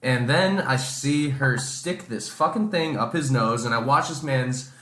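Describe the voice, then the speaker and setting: A man's voice: mid-range voice, a little slow, reverberant, slight background noise. A man co-hosting a podcast, telling a story in casual chat, swearing a lot and acting out the people he quotes. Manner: profane, animated storyteller doing dramatic quotes. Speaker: podcast co-host.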